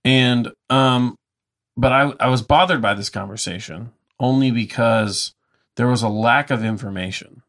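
A man's voice: medium pitch, unhurried, fairly bright tone. A man who owns a brewery tour business, telling stories with enthusiasm in a casual conversation and acting out the dialogue. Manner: enthusiastic storyteller, acts out dialogue.

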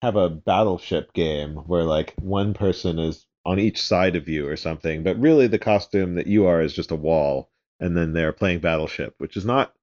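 A man's voice: low voice, normal speed, few pauses, a little mellow, dull audio. A man guest on a podcast, dry and laid-back in casual chat.

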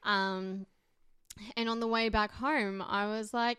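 A woman's voice: mid-range voice, fairly even intonation, takes it slowly, a bit bright, clean tone, dry recording, clean studio sound. A young woman, co-hosting a podcast and telling a story in casual chat, laughing often as she goes. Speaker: podcast co-host.

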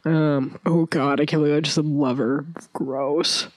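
A woman's voice: low-pitched, steady tone, a little slow, a little mellow, no echo, clean studio sound. A young woman co-hosting a casual podcast, chatty and self-mocking, talking through restarts and fillers. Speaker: podcast co-host.

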